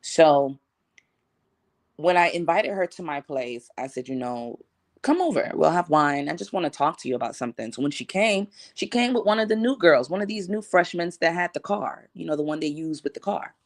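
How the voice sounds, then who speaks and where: Woman, 30s, casual storytime vlogger, slangy, animated self-quotes. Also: deep voice, brisk, no room sound, clean studio sound. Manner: animated, acts out her own past lines; relaxed slangy conversational delivery.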